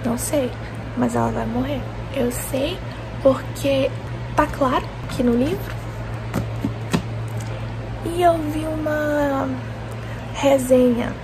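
A woman's voice: high-pitched, noisy background. A young woman, ranting dramatically and exasperatedly about a book in a casual reading vlog. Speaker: book vlogger.

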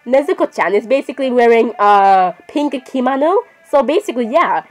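A woman's voice: fairly high pitch, expressive, moderate pace, soft background music, low-quality recording. A woman chatting casually while playing a game, often apologizing and saying "literally". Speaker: gamer. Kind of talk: casual gameplay commentary.

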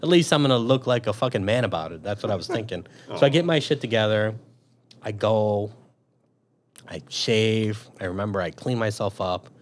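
In a lowish voice at a moderate pace, a police officer and army veteran from Chicago recounts a lengthy story in an easygoing interview. His telling is full of swearing as he lively performs what went through his head back then.

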